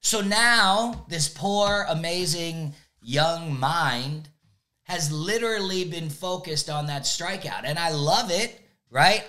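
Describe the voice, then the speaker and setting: A man who coaches youth sports, giving an energetic motivational talk and checking in with "right?" again and again. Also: fairly high pitch. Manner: energetic, repeats "right?" often.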